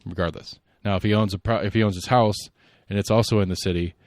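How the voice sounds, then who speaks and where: A man hosting a solo podcast, giving rambling, opinionated political commentary and thinking out loud. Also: lowish voice, fairly even intonation, fast, no room sound, clean studio sound. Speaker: podcast host.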